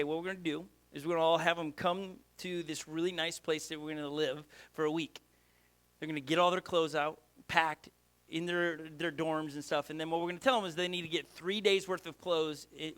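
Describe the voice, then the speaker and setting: A man's voice: high-pitched, sharp tone. A male pastor preaching a sermon with energy, asking rhetorical questions and often restarting his sentences.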